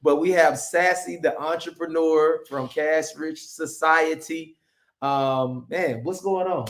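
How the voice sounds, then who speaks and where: A man's voice: a little high, slow. Hyped-up man hosting a livestream. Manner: hyped, upbeat, loud. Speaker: host. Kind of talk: excited livestream chat.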